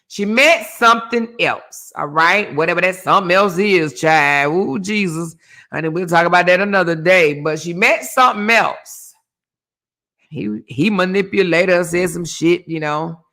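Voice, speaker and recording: Sassy high-voiced man dishing gossip. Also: unhurried, sharp tone. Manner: sassy, theatrical, peppers talk with "honey" and "child". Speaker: gossip show host. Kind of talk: animated celebrity gossip chat.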